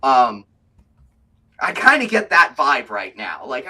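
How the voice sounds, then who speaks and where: A man running a tabletop game as game master, a lively storyteller who tells the story, explains the rules and tells anecdotes. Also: husky. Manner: lively storyteller, quick shifts into high put-on voices. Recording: voice from a distance.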